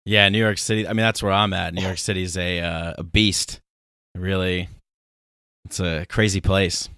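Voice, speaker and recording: A man's voice: deep voice, steady tone, moderate pace, bright, forceful tone, smooth, no room sound, clean studio sound. A man from the United States hosting an interview in a loose, filler-heavy way, often laughing. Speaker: podcast host. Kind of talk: casual interview talk.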